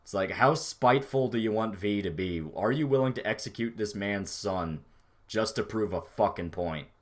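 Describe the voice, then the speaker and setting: A man with a somewhat low voice talks through a relaxed livestream. He rambles loosely from one thought to the next and swears freely as he answers his chat. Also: normal speed. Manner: rambling, profane, laid-back. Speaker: streamer reading chat.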